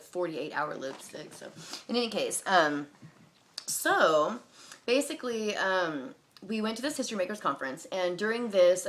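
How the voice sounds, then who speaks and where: A woman's voice: on the low side, fairly bright tone, a little hiss or hum. Rambling woman telling a personal story. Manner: rambling, filler-heavy, many restarts and likes. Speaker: personal testimony vlogger. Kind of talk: casual first-person storytelling.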